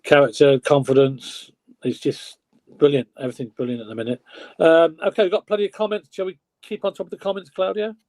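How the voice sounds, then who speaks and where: Excitable man hosting a fan podcast. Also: a little high, fairly quick, dry recording. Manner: excitable, emphatic, leads the talk. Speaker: podcast host. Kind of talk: casual fan podcast chat.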